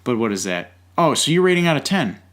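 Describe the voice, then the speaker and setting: A man's voice: medium pitch, very animated, fast talker, fairly bright tone. A man co-hosting a podcast in casual chat, making wry teasing jokes. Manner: wry, teasing sidekick humor. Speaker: podcast co-host.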